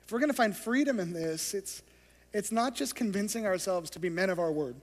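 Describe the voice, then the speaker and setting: A man's voice: high voice, lively intonation, brisk. A man preaching a sermon as pastor, telling stories and acting out the scenes. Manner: storytelling, acts out scenes. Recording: long hall reverb.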